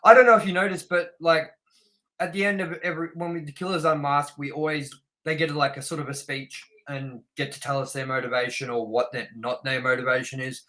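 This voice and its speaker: Bright, animated man reviewing films. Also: fairly high pitch, fairly quick, poor audio. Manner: blunt, animated, reads trivia aloud. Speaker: podcast co-host. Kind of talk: casual film review chat.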